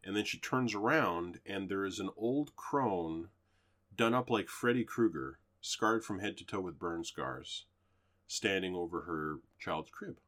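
Very deep-voiced man chatting casually. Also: animated, measured pace, a bit bright. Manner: rambling, loose retelling with fillers and swearing. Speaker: podcast co-host. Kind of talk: casual chat reviewing movies.

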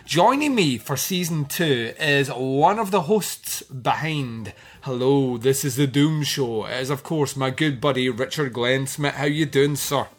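A man's voice: mid-range voice, unhurried, few pauses. A man hosting a film podcast, talking in a chatty, jokey, rambling way. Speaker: podcast host. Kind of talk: casual film podcast chat.

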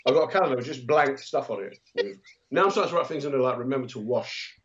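A man's voice: medium pitch, sing-song, racing, fairly bright tone, muffled recording, slight background noise. A man casually chatting on a podcast, jokey and opinionated with wry asides. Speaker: podcast co-host. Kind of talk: casual chat.

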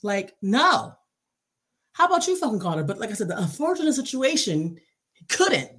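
A young woman hosts her own podcast and talks straight to the listener in a loose, rambling monologue full of profanity. Her voice is husky with a slightly rough edge, and it sits at an ordinary middle pitch for a woman. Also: sing-song, a little fast, fairly bright tone. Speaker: podcast host.

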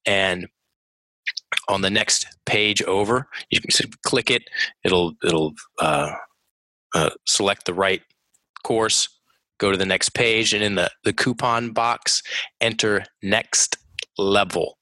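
A man's voice: fairly low pitch, slow pace, long pauses, sharp tone, no echo. A man as a podcast guest, talking enthusiastically and emphatically about his work. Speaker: podcast guest, course creator. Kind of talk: casual interview chat.

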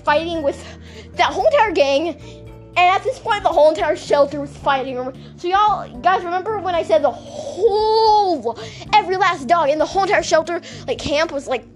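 A young woman hosting a podcast, rambling in casual chat with lots of giggles and self-mocking asides. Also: high voice. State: voice cracking, dehydrated. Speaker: podcast host.

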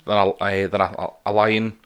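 A man co-hosting a podcast, teasing and interrupting in casual chat with halting restarts. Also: on the low side, flat delivery, clean tone. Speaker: podcast co-host.

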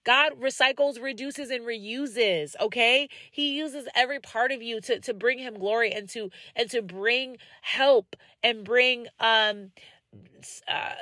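Animated young woman podcast host. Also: fairly high pitch, measured pace, no room sound. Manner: animated storyteller, acts out quoted voices; encouraging, direct address to listeners. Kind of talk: casual faith-based monologue.

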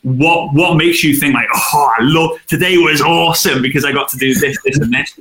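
A man, a guest in an interview, chatting casually and telling animated stories with acted-out quotes. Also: on the high side, fairly quick. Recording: roomy echo.

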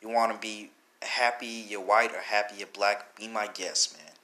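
A man's voice: fairly low pitch, fairly even intonation, normal speed, bright, forceful tone. A young man hosting a podcast, talking in an earnest, emotional way, rambling with many restarts. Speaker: podcast host. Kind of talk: personal commentary podcast.

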